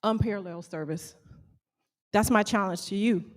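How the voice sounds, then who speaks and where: A woman who owns a small bakery gives a motivational talk to a live audience, animated and calling out questions to the crowd. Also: mid-range voice, normal speed. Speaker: small bakery owner speaking to fellow business owners.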